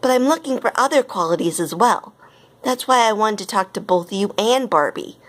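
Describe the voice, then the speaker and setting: A woman voicing a poised, gracious female company boss who speaks in a measured way, in a read-aloud storybook. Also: medium pitch, lively intonation, voice pushed up, lightly acted.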